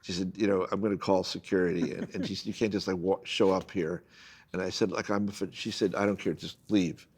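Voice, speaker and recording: An older man, a guest photojournalist, tells a long personal anecdote in casual conversation, animatedly acting out the people he quotes. His voice is deep, husky, and fairly quick.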